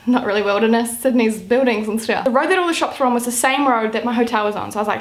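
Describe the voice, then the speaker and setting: A young New Zealand vlogger chats to the camera in a bright, high voice, telling a story in an easygoing way while talking quickly with hardly any pauses. She drops "like" into almost every sentence, which keeps things loose, chatty and casual.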